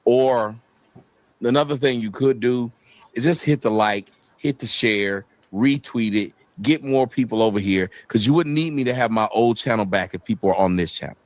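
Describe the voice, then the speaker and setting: A man's voice: medium pitch, normal speed, no echo. A man on a live stream, talking casually, stumbling over his words and repeating them as he works up to a point. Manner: hesitant, repeats words, then heated.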